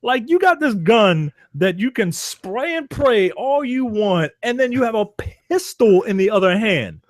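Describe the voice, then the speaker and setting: A man's voice: sits high, big pitch swings, a little slow, dry recording. A man co-hosting a podcast, trading wry jokes in a casual film discussion. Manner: wry joking asides, dry delivery. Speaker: podcast co-host.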